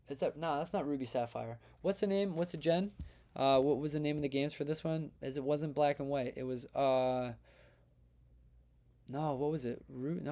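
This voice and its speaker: A man hosting a casual live stream, talking to his chat with lively, upbeat energy. His voice sits a little high but has a warm, mellow tone. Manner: energetic, chatty, reads chat aloud and hypes votes. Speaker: livestream host.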